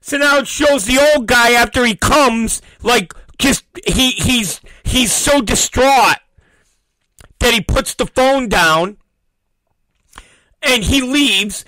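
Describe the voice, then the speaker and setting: A man hosting a talk show, telling a story in a profane, animated rant and acting out the people in it. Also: extremely high pitch, slow pace, no room sound, rough recording. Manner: profane, acts out quoted voices. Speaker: podcast host.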